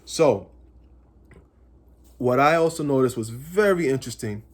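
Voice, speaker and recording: Male, medium pitch, loose speculative fan recap with lots of repetition. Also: animated, a little slow. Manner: rambling, speculative, repeats phrases. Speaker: comics channel host. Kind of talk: casual episode recap and theorizing.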